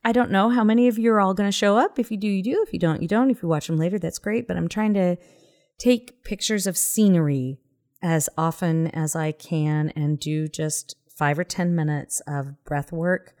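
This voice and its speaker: A woman with a Southern accent co-hosts a podcast, her voice lowish and darkish, moving at a normal speed. She chats casually and earnestly, sometimes dropping to a whisper.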